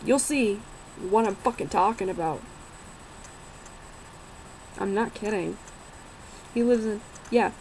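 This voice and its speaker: A young woman casually tells a personal story at an unhurried pace, rambling, swearing now and then, and laughing as she goes. Her medium-pitched voice is a little mellow, and the rough recording carries a bit of hiss or hum.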